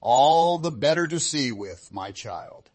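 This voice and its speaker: Man putting on a cunning male wolf, storybook, sly and hushed, dropping low and quiet. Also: lively intonation, takes it slowly.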